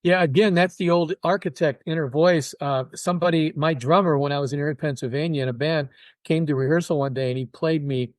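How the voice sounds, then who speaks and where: An older man speaking as an interview guest, his voice sitting somewhat high for a man. He tells his stories with animation and slips into other people's voices as he recounts them. The sound is dry and close, with almost no room around it. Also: fairly quick, no room sound. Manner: animated, acts out quoted voices. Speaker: guest musician. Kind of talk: casual interview storytelling.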